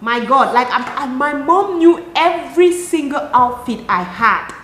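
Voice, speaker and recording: A young Cameroonian woman with a Cameroonian accent, chatting to camera in an animated, exasperated way. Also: high voice, unhurried, a little hiss or hum. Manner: animated, talks with her hands, rhetorical and exasperated. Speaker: lifestyle vlogger. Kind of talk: casual chat to camera. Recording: echoey room.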